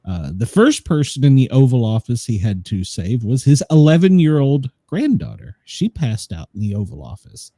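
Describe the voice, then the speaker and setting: A man's voice: medium pitch, very animated, moderate pace, hardly any pauses, warm tone, no echo. A man co-hosting a casual news chat show, rambling with lots of fillers and chuckles. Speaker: co-host of a daily news show; former emergency responder.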